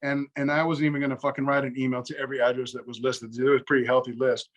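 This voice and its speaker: A middle-aged male guest with a medium-pitched, level voice tells a long, profane story in casual conversation, and the audio is lo-fi. He fires off rapid anecdotes, acting out both sides of phone calls with quoted back-and-forth.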